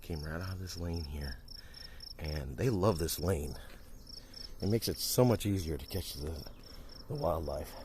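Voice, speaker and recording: A man's voice: low-pitched, unhurried, long pauses, background noise. Breathless Midwestern man chatting on a walk. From Wisconsin. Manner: rambling, chatty, talks while walking. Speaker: streamer. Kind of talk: casual walking vlog. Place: outdoors by cornfields on a country lane. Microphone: handheld phone while walking.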